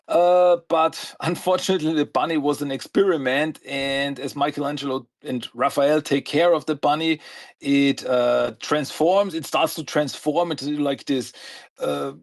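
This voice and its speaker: A man's voice: fairly high pitch, fairly even intonation, a little slow. A man co-hosting a podcast, recapping comic plots in a loose, rambling way with lots of "uh" and "like". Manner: rambling plot summaries full of "uh" and "like". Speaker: podcast co-host. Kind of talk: casual comic review chat.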